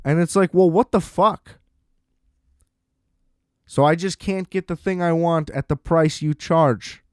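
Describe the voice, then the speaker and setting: A man's voice: fairly high pitch, unhurried, smooth, dry recording, clean studio sound. A man hosting a podcast alone, ranting in an exasperated, profane way and acting out sarcastic back-and-forths. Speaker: podcast host. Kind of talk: solo ranting monologue.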